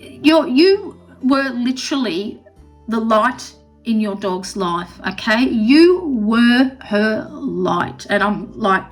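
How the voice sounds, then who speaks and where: A woman tarot reader gives a pet-spirit reading to camera in a fairly high, animated voice, speaking slowly. Earnest, reassuring and close to tears, she keeps checking in with "okay?". Faint music plays behind the low-quality recording.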